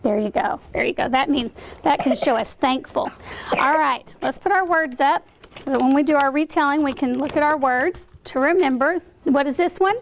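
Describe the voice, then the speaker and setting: A woman with a high, bright voice teaches words to a classroom of young children. She keeps asking questions and coaxes the kids to act out each word. A faint hiss sits under her voice. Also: moderate pace. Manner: encouraging, questioning, acting out words.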